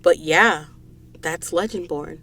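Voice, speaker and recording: A woman's voice: low voice, slow, fairly bright tone. Chatty woman podcast host recapping a book. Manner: chatty storytelling, lots of "um" and "she's like". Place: recording booth.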